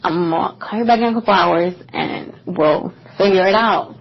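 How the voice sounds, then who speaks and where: A woman's voice: lowish voice, normal speed, gravelly, husky. A young woman co-hosting a podcast, telling a personal story in a casual, rambling way with lots of fillers. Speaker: podcast co-host. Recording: dull lo-fi podcast recording.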